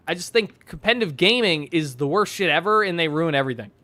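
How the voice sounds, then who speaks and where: Bright-voiced young man streaming, profane. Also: fairly high pitch, expressive, fast. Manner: rambling, profane, laughs often, many fillers. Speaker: streamer reading donations. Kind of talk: casual stream chat.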